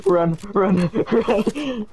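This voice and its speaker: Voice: medium pitch, extremely slow. A young adult gamer on voice chat, giggly and rambling while explaining plays. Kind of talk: casual gaming chat. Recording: loud game music under voice chat.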